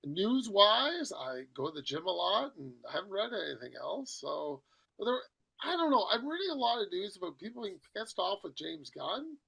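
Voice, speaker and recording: A man's voice: high-pitched, sing-song, moderate pace, gravelly, a bit bright, slightly rough, rough recording. A middle-aged man hosting a podcast in casual chat, rambling and chatty as he jumps from one topic to the next. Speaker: podcast host.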